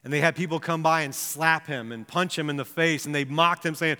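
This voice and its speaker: Guy preaching, chatty storytelling that goes hushed and grave, crisp bright voice, big echoey hall. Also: a little high, steady tone, brisk, few pauses. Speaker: pastor. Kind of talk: sermon.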